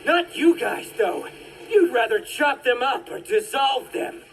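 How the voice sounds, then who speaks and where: A man's voice: very high voice, expressive, measured pace, heavily acted, poor audio. An actor voicing a cruel, sneering young male esper in an English anime dub, mocking and taunting with bursts of manic laughter. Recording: anime audio with music behind.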